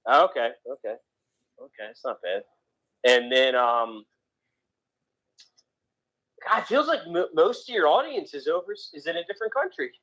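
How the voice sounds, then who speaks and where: A man's voice: fairly high pitch, sing-song, moderate pace, pauses often, a bit bright, breathy edge, low-quality recording. East coast guy, slight philly accent, rambling podcast chat, lots of restarts. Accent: slight Philadelphia. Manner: rambling, restarts often, opinionated. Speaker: podcast co-host. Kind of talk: casual chat.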